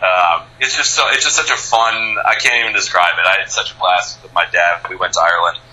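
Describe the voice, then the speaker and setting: Male radio guest, American, low and sharp-toned, enthusiastic and rambling. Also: brisk, low-quality recording. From United States. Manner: rambling, enthusiastic, many restarts. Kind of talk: casual interview chat.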